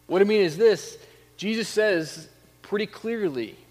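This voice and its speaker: A man's voice: high voice, measured pace, darkish tone, soft background music. Man preaching in a reverberant hall. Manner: conversational preaching, rising to emphatic peaks. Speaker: pastor. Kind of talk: sermon.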